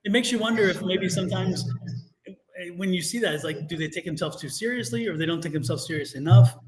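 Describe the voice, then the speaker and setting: A man co-hosting a tarot reading stream, telling stories in a lively, animated way and laughing often. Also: high voice, quick pace, roomy sound, a crowd in the background. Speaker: tarot reader co-host. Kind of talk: casual live-stream chat.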